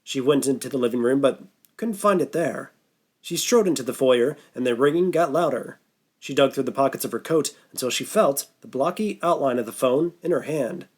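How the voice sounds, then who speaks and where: A man narrating a horror novel audiobook in a steady, measured voice. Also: mid-range voice, husky. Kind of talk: scripted narration.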